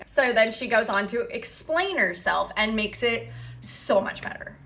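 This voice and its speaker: A woman's voice: on the high side, animated, moderate pace, a bit bright. A woman hosting a reaction commentary on internet drama, sarcastic and dramatic as she mimics others. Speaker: commentary host.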